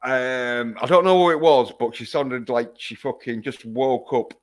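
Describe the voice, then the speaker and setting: A man reviews a film casually on a livestream, rambling along and swearing constantly. His voice is medium-pitched and his pace measured.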